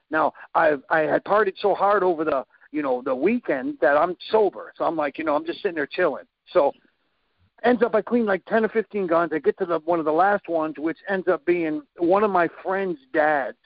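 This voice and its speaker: Animated man telling a wild story. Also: high voice, gravelly, no echo, highs cut off. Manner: animated, with sound effects and quoted dialogue. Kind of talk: casual storytelling.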